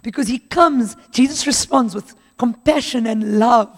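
A woman's voice: fairly high pitch, measured pace. Woman preaching in a reverberant hall. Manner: conversational, acts out Bible dialogue in voices. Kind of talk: sermon.

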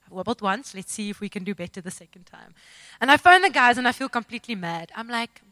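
Woman, slightly high voice, lively dramatic testimony, self-mocking, dry close sound. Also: fast talker, dry recording. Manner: expressive, self-mocking, dramatic retelling with laughs. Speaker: speaker sharing a testimony. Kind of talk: animated storytelling testimony.

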